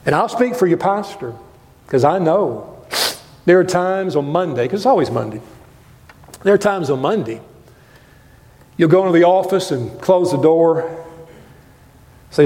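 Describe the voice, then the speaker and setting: An older man preaching a sermon as a guest preacher in a church, impassioned, swinging between loud highs and quiet lows. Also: expressive, measured pace, long pauses. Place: church sanctuary. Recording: long reverb of a church hall.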